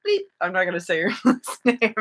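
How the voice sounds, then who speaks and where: A woman with a fairly low-pitched voice chats briskly on a live stream from home. She's giggly and rambling, filling her casual talk with fillers and restarts.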